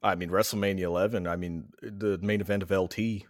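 A man's voice: low voice, fairly quick, no room sound, clean studio sound. A man, a returning podcast guest and a father, ranting sarcastically in casual chat. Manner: sarcastic, animated rants.

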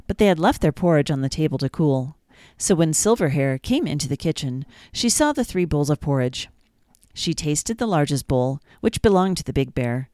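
A woman hosting a children's storytime show, reading a storybook aloud in a gentle, even manner. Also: deep voice, dry recording, studio quality. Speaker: podcast storytime host.

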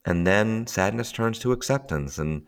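A man's voice: lowish voice, moderate pace, clean tone. A man casually explaining emotional tapping in conversation, often laughing and acting out what people think to themselves. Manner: animated, laughs often, acts out inner voices. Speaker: tapping teacher, podcast guest.

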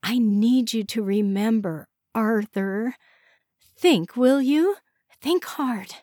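A woman's voice: a little high, takes it slowly, warm tone, dry recording, clean studio sound, pitched above the performer's own voice. A woman voicing Georgia, an earnest young woman who talks in an urgent, pleading way. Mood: insistent. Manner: pleading, insistent.

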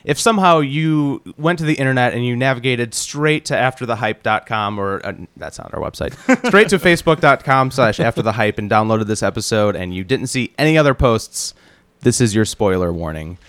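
A man's voice: mid-range voice, expressive, fairly quick, a bit bright, clean tone, no echo. A man co-hosting a casual podcast and talking eagerly. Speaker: podcast co-host.

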